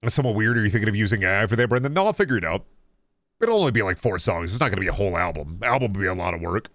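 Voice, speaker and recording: A man's voice: on the low side, a bit bright, dry recording, clean studio sound. A man streaming a video game, chatting casually with viewers, joking, rambling and swearing now and then. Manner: answers chat questions while playing.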